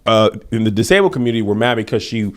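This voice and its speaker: A man's voice: fairly low pitch, lively intonation, rapid-fire. A man co-hosting a podcast in casual chat, talking things through carefully with frequent restarts. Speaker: podcast co-host.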